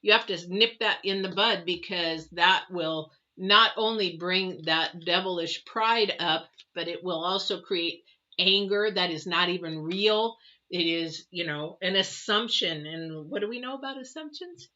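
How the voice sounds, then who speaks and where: A lower-pitched woman with a bright, forceful tone talks through a casual tarot reading. She rambles in a loose, conversational way, full of fillers. The audio sounds dull and lo-fi. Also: measured pace. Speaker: tarot reader.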